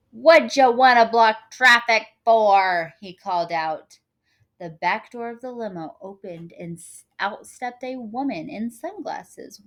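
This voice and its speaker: A woman reading a picture book aloud with lively expression, dropping casual asides to her listeners. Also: on the low side. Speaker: storyteller.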